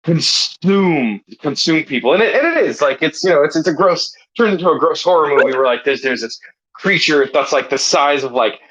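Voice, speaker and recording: A man's voice: fairly high pitch, lively intonation, normal speed, background noise. A man co-hosting a comedy podcast, telling a rambling story in casual chat with lots of filler words. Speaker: podcast co-host.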